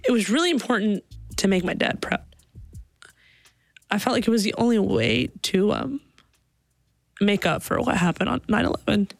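A woman telling a personal story in a lively manner, acting out the people she quotes. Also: moderate pace, gravelly, long pauses, soft background music. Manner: lively, acts out quoted voices in a higher pitch.

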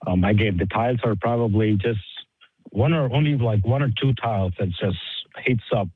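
A man's voice: on the low side, normal speed, husky, dry recording. Hesitant man calling in over a phone line. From Michigan, USA. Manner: hesitant, many ums and uhs. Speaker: caller. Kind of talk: call-in question on the radio. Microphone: telephone. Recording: tinny phone line, dry.

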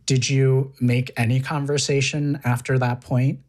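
A man's voice: mid-range voice, level tone, a little slow, darkish tone. Guy interviewing, keeps asking curious follow-up questions. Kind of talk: casual interview.

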